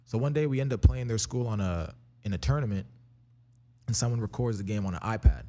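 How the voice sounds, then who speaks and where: Fast-talking young man, low voice. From Canada. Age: young adult. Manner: fast, energetic, profane storytelling. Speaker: interview guest, rapper. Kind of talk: casual storytelling.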